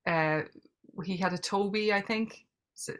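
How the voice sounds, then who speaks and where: A woman's voice: medium pitch, measured pace. A middle-aged Irish woman answering audience questions in a casual, candid and reflective way over a video call. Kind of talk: casual Q&A conversation.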